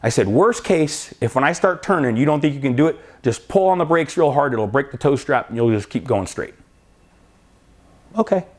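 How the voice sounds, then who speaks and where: Middle-aged man, storyteller, animated, plays out the dialogue himself; mid-pitched, casual chat delivery. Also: moderate pace. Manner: animated anecdote telling, acting out both sides of dialogue. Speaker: drag racing school owner and crew chief.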